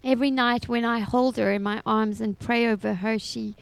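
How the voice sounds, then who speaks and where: A woman's voice: on the high side, steady tone, moderate pace, gravelly, smooth, no room sound, rough recording. A middle-aged woman giving a personal faith testimony as a foster mother, telling her story expressively and laughing often.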